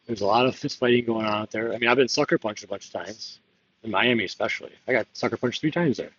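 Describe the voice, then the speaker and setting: A man's voice: medium pitch, quick pace, a bit bright, breathy edge, no echo, highs cut off. A man talking candidly in a rambling confessional monologue, laughing often and drifting between topics. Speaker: political candidate.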